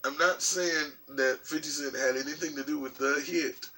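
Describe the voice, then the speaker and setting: Male vlogger from New York, profane rambling commentary, higher voice, distant mic. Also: moderate pace. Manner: animated, profane, rambling with many restarts. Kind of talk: casual commentary vlog. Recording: distant mic with faint background noise.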